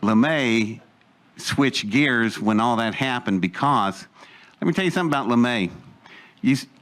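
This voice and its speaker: A man's voice: mid-range voice, animated, moderate pace, fairly bright tone. Rambling older man spinning a yarn. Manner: rambling, digressive, chuckling asides. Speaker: speaker telling a life story. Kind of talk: anecdotal storytelling to a live audience.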